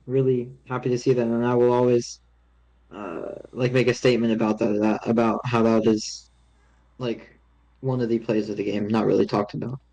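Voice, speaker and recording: Young male co-host, casual and halting, stops and restarts often. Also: mid-range voice, warm tone, poor audio. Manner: halting, many restarts and fillers. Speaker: podcast co-host. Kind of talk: casual sports chat.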